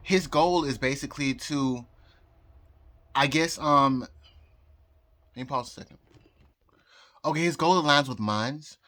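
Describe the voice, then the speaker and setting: A man rambling in a casual vlog, full of pauses and restarts. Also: medium pitch, pushed and bright, dry recording. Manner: hesitant, many ums and restarts. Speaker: vlogger. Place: outdoors, then indoors at home.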